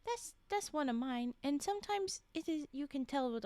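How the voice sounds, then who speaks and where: This animated woman speaks at a moderate pace in a high, slightly mellow voice, with no echo. She's reading spooky stories on a casual stream, stopping often to chat, laugh, whisper asides and respond to viewers.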